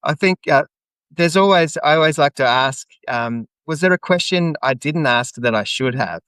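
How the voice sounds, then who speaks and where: A man's voice: on the high side, animated, moderate pace, a bit bright, clean tone, dry recording. A man hosting a podcast interview in casual chat, speaking hesitantly with many restarts. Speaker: podcast host.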